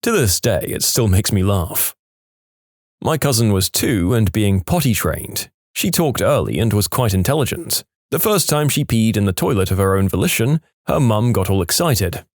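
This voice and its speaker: A man narrating funny reddit stories in an expressive, storytelling way. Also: fairly low pitch, moderate pace, dry recording, studio quality.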